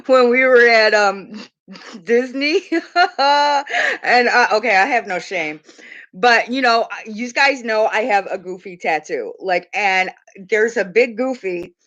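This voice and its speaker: A woman's voice: medium pitch, fairly bright tone, highs cut off. A middle-aged woman, a mother, chatting casually on her live stream. She tells stories with lots of giggles and acts out the voices of the people in them. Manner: chatty storyteller, giggles often, mimics voices.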